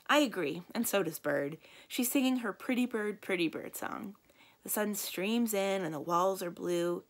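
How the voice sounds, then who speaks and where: A woman librarian reading a children's novel aloud in a lively, expressive storytelling voice. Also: normal speed. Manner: lively, expressive storytelling with big swings in pitch and loudness.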